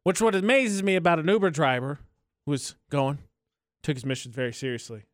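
A man co-hosting a radio show, chatting in a jokey, animated way into a studio microphone. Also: on the high side, brisk, no room sound. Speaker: radio co-host. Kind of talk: casual radio chat.

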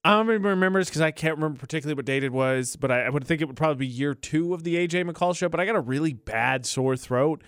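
A man co-hosting a radio show, chatting casually and telling animated, joking stories. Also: fairly high pitch, rapid-fire, few pauses, clear, resonant tone, no room sound, studio quality. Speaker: radio co-host.

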